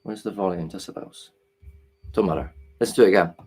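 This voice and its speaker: A man hosting a live stream, talking earnestly and hesitantly while working his software, with frequent restarts. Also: low-pitched, a little fast, slightly rough. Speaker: livestream host.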